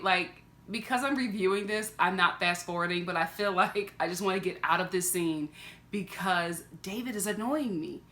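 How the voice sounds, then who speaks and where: Woman, TV reaction vlogger, sassy casual review, bright voice, camera mic. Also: medium pitch. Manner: sassy, chatty, quick to laugh.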